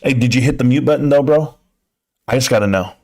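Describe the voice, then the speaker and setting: Sultry deep-voiced male seducer, breathy murmuring tease, a man hamming it up. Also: quick pace, darkish tone, natural voice. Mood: mock seductive.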